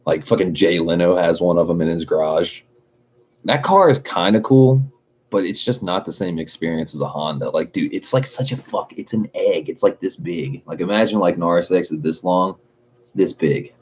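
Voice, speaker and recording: A man's voice: sits low, steady tone, brisk, a little mellow, husky. A young man hosting a livestream, rambling and swearing in casual chat, laughing often. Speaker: livestream host. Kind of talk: casual chat with live chat readers. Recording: dull lo-fi stream audio.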